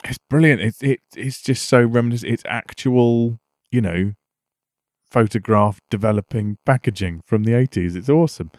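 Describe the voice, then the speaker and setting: A man's voice: mid-range voice, normal speed, darkish tone, no room sound, studio quality. A man co-hosting a casual gaming podcast, enthusiastic and loose, with many fillers. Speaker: podcast co-host.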